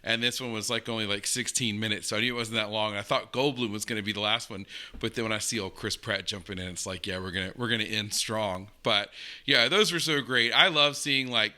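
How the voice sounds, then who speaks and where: A man's voice: on the low side, brisk, bright, forceful tone. An American man hosting a reaction video, chatting casually and rambling with many fillers. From United States. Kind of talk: casual commentary.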